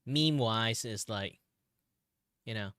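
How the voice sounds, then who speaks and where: A Malaysian man whose English accent sits between British and Malaysian. He chats casually with viewers while drawing on stream, excitable, laughing often and swearing now and then. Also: on the low side, slow pace, dry recording, studio quality. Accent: mixed British and Malaysian English. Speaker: art streamer.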